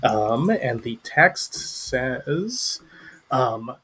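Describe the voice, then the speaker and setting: Bright-voiced man narrating as game master. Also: medium pitch, a little slow.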